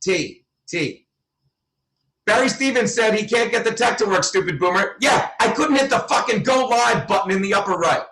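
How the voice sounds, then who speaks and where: A man's voice: high-pitched, animated, moderate pace. Furious, profane man ranting on a livestream. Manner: furious, profane, loud outbursts. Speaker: livestream host. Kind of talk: angry livestream rant. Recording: roomy, from a distance.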